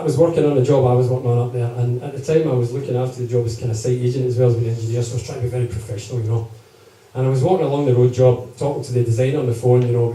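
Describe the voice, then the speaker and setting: A mellow, mid-range male voice fires off comic stories at rapid speed for a live gig audience, chatting and checking in as he goes. A distant mic records him in an echoey live room.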